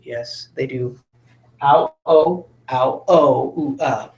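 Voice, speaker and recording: A man's voice: medium pitch, takes it slowly, a little mellow, echoey room. A male teacher giving a patient phonics lesson to children, coaxing them along with tag questions.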